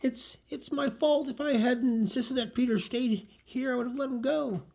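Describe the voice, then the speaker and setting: A man's voice: moderate pace, vocal fry, darkish tone, heavily acted. A man voicing a panicky young woman. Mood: distressed. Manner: high, strained and pleading. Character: distressed young woman, worried and guilt-ridden.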